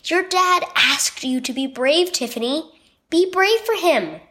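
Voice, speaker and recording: A woman's voice: very high voice, animated, a little slow, sharp tone, pitched above the performer's own voice, heavily acted. A woman reading a children's story aloud, voicing a mother who firmly coaxes her daughter to smile and be brave.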